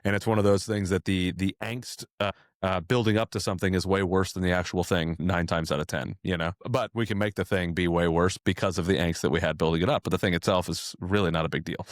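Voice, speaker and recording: A man's voice: sits low, fairly even intonation, dry recording, studio quality. A male podcast host asking long, rambling questions that run into one another in a casual interview. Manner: rapid, rambling multi-part questions.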